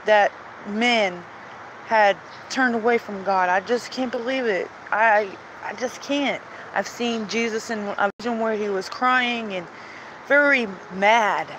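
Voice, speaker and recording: A woman's voice: medium pitch, noisy background. A woman talking earnestly and emotionally in a rambling personal monologue, pleading at times. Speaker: vlogger sharing religious visions.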